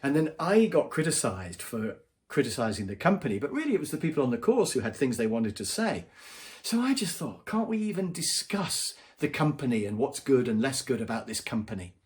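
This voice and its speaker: In a direct-to-camera advice vlog, a business trainer talks in a medium-pitched, sing-song voice at a brisk clip. His manner is conversational, and he acts out quoted voices.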